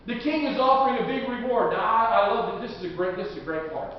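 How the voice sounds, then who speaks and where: A man, a pastor, preaching a sermon in a folksy, joking way that rises to fervent shouts. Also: very high voice, fast talker, hardly any pauses. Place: church sanctuary. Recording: echoey hall, distant dull mic.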